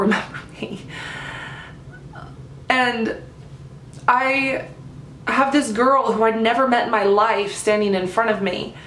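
A woman's voice: fairly high pitch, a bit bright, reverberant, slight background noise. A woman vlogger telling a personal story to camera in a gushing, casual way, filling her talk with "like". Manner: gushing, heavy use of "like".

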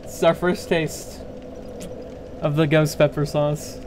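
A man's voice: on the high side, little pitch movement, slow pace, noisy background. A young man commenting live on his gameplay, yelping and pleading in danger and joking with sarcastic bravado. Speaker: streamer.

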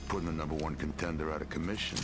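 An actor voicing a tough male boxer character in a video game, gruff and taunting. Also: very deep voice, steady tone, very fast. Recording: game audio over music.

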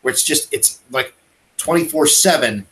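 A man's voice: mid-range voice, expressive, normal speed, a bit bright, low-quality recording. A man from Canada ranting with passion in a casual podcast chat over a video call. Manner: impassioned, ranting. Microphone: video call mic.

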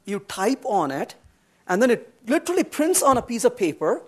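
He's a middle-aged tech lecturer with a high voice carrying a breathy edge, speaking at a normal pace. Leading a workshop in a conference room with audience questions, he's animated and emphatic, replies bluntly and humorously, and acts out quotes in changed voices.

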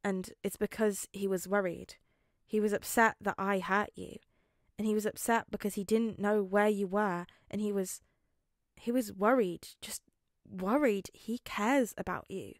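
Gentle, hesitant teenage boy soothing a friend, read by a woman narrator in a fanfic audiobook; dry, close recording. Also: mid-range voice, fairly even intonation, takes it slowly, dry recording, close to an everyday voice. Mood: somber. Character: quiet, guarded teenage boy comforting a friend.

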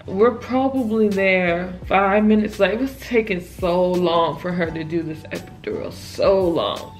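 Exasperated young woman recounting a story. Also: lowish voice. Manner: emphatic, exasperated retelling with "child" as an aside. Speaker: vlogger telling her birth story. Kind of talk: casual storytelling to camera.

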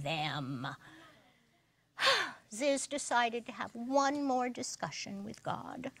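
A woman giving an animated, expressive children's story reading at a worship service. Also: fairly high pitch, extremely slow, long pauses.

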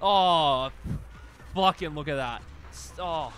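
A young man streaming a video game, commenting with profane jokes and sudden yelling bursts. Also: a little high, lively intonation, normal speed. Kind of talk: gameplay commentary. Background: faint game music.

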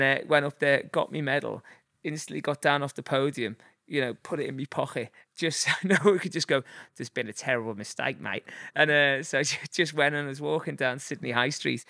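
A man's voice: mid-range voice, creaky, pushed and bright, no room sound, studio quality. A man in his forties with a Liverpool accent, telling rambling anecdotes as a guest, full of fillers and chuckles. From Liverpool, England. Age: 40s. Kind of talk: casual storytelling.

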